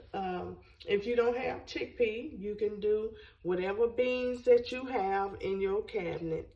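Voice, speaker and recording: A woman hosting her own cooking channel, congested, chatting casually to the camera in a slow, rambling way that repeats phrases. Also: mid-range voice, darkish tone, recorded from a distance, low-quality recording.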